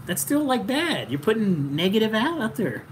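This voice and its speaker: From her collection room, a woman co-hosts a toy-hunting livestream, joking with her partner and reading chat amid plenty of laughter. Her medium-pitched voice is very animated at a moderate pace in this casual banter. A little background noise comes through.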